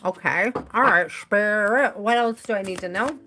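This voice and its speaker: A woman's voice: mid-range voice, normal speed, hardly any pauses, bright, forceful tone. A woman giving a live tarot reading in a chatty, rambling way, laughing easily as she talks. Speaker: tarot reader.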